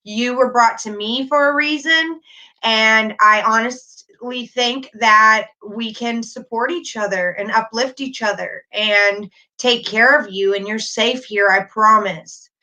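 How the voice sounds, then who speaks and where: A middle-aged woman hosting a casual livestream, talking warmly and reassuringly while reading chat comments aloud. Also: a little high, takes it slowly. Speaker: livestream host.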